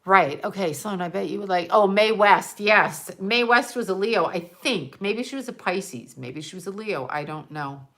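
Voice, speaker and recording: An older woman with a bright, clear voice, chatting to her viewers in a loose, rambling way. She laughs easily, swears freely and keeps drifting off topic as she scrolls through her photos. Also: medium pitch, animated, normal speed, few pauses. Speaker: psychic vlogger. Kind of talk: casual rambling monologue.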